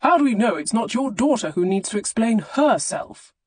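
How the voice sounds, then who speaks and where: Woman voicing a stern older gentleman. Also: fairly high pitch, sing-song, moderate pace, husky, no room sound, voice pushed up.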